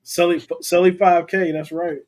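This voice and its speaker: A man's voice: high-pitched, level tone, normal speed, a loud crowd. A young man co-hosting a casual livestream about movies, chatting loosely and reading viewer comments aloud. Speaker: co-host of a movie talk livestream.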